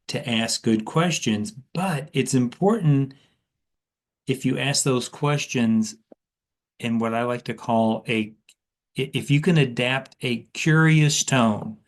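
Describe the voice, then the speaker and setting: Male sales coach, mid-pitched voice, easygoing and chatty delivery that rises with energy on key points, loose spoken advice with ums. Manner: conversational with fillers and restarts, animated inflection. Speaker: sales trainer. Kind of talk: casual coaching talk.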